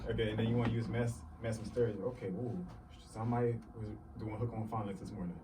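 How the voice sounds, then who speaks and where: A man co-hosting a podcast, animated and ribbing in casual chat. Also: lowish voice, fast, distant mic, noisy background. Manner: animated, ribbing, laughs easily. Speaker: podcast co-host.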